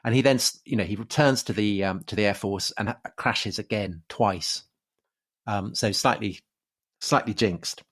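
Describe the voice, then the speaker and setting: A man's voice: lowish voice, moderate pace, a bit bright, husky. An English man co-hosting a casual history podcast, talking with many fillers and restarts and chuckling between points. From England. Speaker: podcast co-host.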